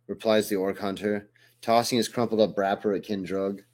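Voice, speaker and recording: A man narrating a first-person audiobook in a steady, even storytelling manner. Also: fairly low pitch, normal speed.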